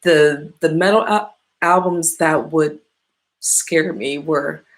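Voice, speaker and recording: Slow, gravelly woman rambling casually. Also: sits low. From Midwestern United States. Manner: rambling, profane, often loses her train of thought. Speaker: podcast host. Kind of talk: casual chat.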